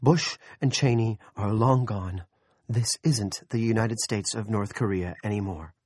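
Guy doing a shrill scared young woman in an audiobook, high and loud, indignant, dry close mic. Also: a little slow, dry recording. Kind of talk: audiobook character voice.

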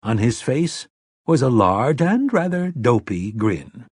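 Close, dry recording captures a male narrator reading an audiobook script. His voice is mid-pitched and slightly husky, and he reads with measured expressiveness, leaning into the story's moments, with no room sound.

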